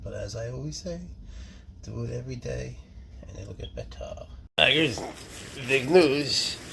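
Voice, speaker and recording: A man who keeps snakes, talking casually and fondly about them, slipping into doting baby talk and soft whispers. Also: medium pitch, normal speed, gravelly. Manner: drops to soft whispers at times. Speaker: snake keeper. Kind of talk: casual talk to camera while handling snakes. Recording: faint background noise.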